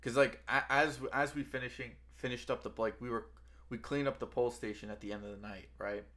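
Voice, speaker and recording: A man's voice: medium pitch, steady tone, a little fast, bright, forceful tone. A man chatting casually as a co-host, telling a story in loose, slangy speech that restarts often. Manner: rambling, restarts a lot, slangy. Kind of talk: casual chat.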